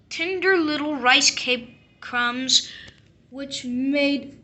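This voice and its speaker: A woman reading a classic picture book aloud, telling the story slowly and expressively. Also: high voice, bright, forceful tone. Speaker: storybook reader.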